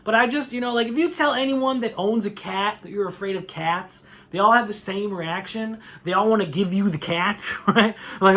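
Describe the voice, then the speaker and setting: A man performing a stand-up set, animated, often laughing and acting out voices. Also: high voice, normal speed, few pauses. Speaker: stand-up comedian.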